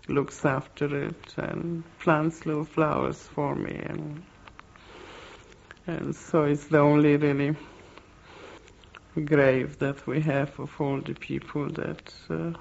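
An older woman speaks in a gravelly, creaky voice, taking her time over every phrase as she gives testimony. Her delivery is slow and halting, with pauses and restarts. The recording sounds dull and lo-fi. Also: sits low, little pitch movement, darkish tone, slight background noise. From Poland. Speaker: interviewee. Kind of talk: oral history testimony.

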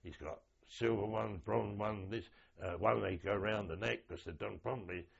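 An older man from London, a veteran telling war stories in an oral history interview, lively and acting out the voices in his anecdotes. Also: lowish voice, moderate pace, creaky, slightly rough, muffled recording.

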